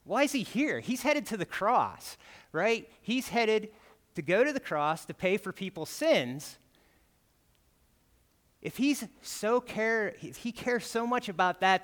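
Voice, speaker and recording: A man's voice: sits high, a bit bright. A man with an American accent preaching a sermon as a guest preacher in a church, conversational and often checking in with "right?". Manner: conversational, keeps asking "right?". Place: church sanctuary. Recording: long hall reverb.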